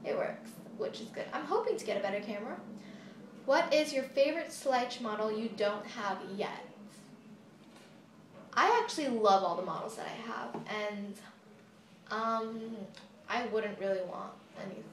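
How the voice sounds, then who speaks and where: Her voice on the high side, a young woman from the United States talks casually through a Q&A for her model horse YouTube channel at normal speed, pausing often and giggling through rambling asides. The phone propped on a table picks up an echoey room and faint background hiss.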